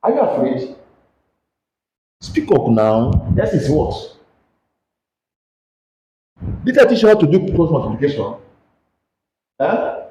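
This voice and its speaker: A man's voice: a little high, big pitch swings, slow, long pauses, dark tone, echoey room, slight background noise, rough recording. A man with a Nigerian English accent teaching a physics lesson, questioning students and coaxing them to answer aloud. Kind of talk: classroom lesson with call-and-response questions.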